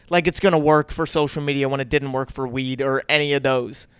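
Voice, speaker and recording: A man's voice: mid-range voice, quick pace, hardly any pauses, smooth, no room sound. A man co-hosting a comedy podcast in casual chat, rambling with lots of fillers and repeated yeahs.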